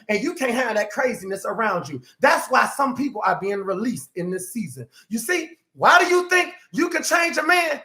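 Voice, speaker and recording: A man preaching as a self-empowerment life coach, emphatic and swinging from quiet asides to shouts, acting out quoted people. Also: very high-pitched. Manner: acts out quoted speakers in exaggerated voices. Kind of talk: preaching motivational talk.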